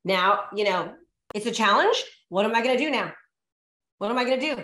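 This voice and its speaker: A high-pitched woman coaching real estate agents at a seminar, all energy and emphasis. She hammers her key points home by repeating them and calling out to the crowd. Her voice rings through an echoey room. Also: animated, brisk, pushed and bright. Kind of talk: motivational seminar talk.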